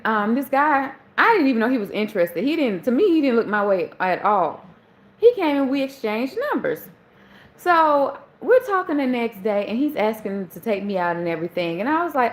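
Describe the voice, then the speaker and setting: A woman with a Southern Charleston accent telling a personal story to viewers in casual chat, acting out the quoted lines. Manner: animated, acts out quoted dialogue in a high voice. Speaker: live stream host.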